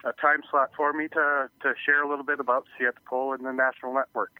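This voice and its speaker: A man's voice: medium pitch, flat delivery, fast talker, no room sound. A man interviewed by phone as a youth ministry guest, explaining in an earnest way. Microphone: telephone. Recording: tinny phone line.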